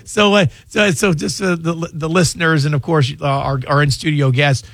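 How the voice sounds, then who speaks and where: A man's voice: on the high side, fairly even intonation, moderate pace, a bit bright, dry recording. A man hosting a radio call-in show as an attorney, talking casually and telling stories with jokey asides, in a radio studio. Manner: chatty, storytelling, jokey asides.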